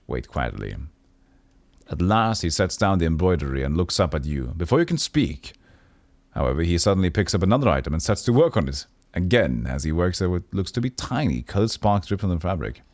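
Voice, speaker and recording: A man streaming a role-playing game, narrating its text and commenting in a relaxed way. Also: low voice, brisk, dry recording. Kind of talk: reading a role-playing game aloud on a livestream.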